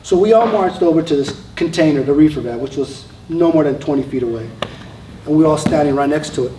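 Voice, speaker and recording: A man's voice: a little high, fairly quick, dark tone, a little hiss or hum. A man, an Army veteran, telling a story live on stage in a conversational way, with frequent fillers and restarts. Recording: roomy sound from a distant mic.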